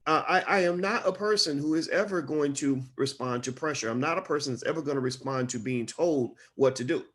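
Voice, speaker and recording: A middle-aged man giving solo commentary, impassioned, repeating his phrases and climbing higher as he gets worked up. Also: fairly quick, hardly any pauses. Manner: impassioned, repeats phrases, rises in pitch when animated.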